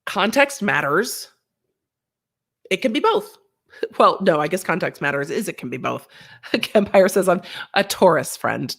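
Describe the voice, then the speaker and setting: Woman, livestream host, lively swooping pitch, casual chatty delivery, slightly congested from a sinus infection. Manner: chatty, animated, reads chat aloud.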